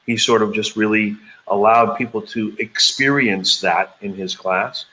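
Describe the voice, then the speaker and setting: A man's voice: lowish voice, steady tone, unhurried, bright, forceful tone, rough recording. A man in his fifties, a channeler being interviewed, telling his story in a rambling way with many hesitations and quoted dialogue. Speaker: intuitive channeler, interview guest.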